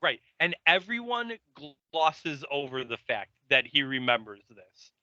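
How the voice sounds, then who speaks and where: A man's voice: on the high side, very animated, a little slow, sharp tone, no room sound. A man co-hosting a casual podcast. He agrees often with "right" and restarts his sentences while making a point. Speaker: podcast co-host. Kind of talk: casual recap chat. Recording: dull lo-fi mic.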